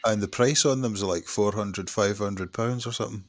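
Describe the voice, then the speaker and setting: A man's voice: on the low side, a little fast, no room sound. A man with a Scottish accent chatting casually in a group, tossing in dry, offhand remarks. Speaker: group member. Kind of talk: casual chat.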